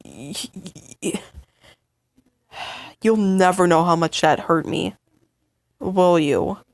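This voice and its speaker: A woman voicing an upset young partner in a fight with the listener, stammering and halting in emotional outbursts. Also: on the low side, dry recording, clean studio sound. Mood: bitter, angry. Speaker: voice actor in a listener role-play. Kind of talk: listener role-play audio drama.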